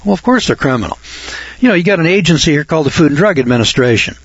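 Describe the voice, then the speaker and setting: Husky, indignant talk radio man. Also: on the high side, animated, racing, no room sound, muffled recording. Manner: folksy, indignant ranting. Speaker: radio host.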